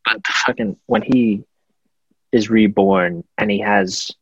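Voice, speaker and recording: Husky low-voiced man on a dull mic. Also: fairly even intonation, slow, a bit bright, dry recording. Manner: laid-back, profane, hesitant restarts. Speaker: podcast co-host. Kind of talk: casual film review chat. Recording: dull muffled home mic.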